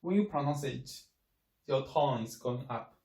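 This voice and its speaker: A man whose first language is Chinese, teaching a language lesson slowly and repeating each sound many times. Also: mid-range voice, animated, vocal fry, warm tone. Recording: echoey room, mic at a distance.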